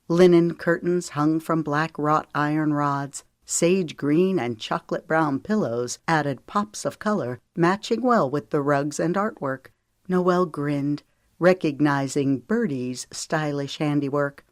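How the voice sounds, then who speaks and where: Low-voiced woman narrating calmly. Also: no room sound, clean studio sound. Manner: calm, measured storytelling with lifted voices for dialogue. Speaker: audiobook narrator. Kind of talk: scripted narration.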